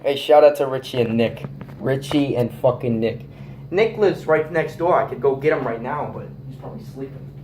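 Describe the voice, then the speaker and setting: A man's voice: mid-range voice, moderate pace, darkish tone. Rambling teen guy vlogging. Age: teens. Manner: rambling and profane, jokey. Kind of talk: casual vlog. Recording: echoey room with faint noise.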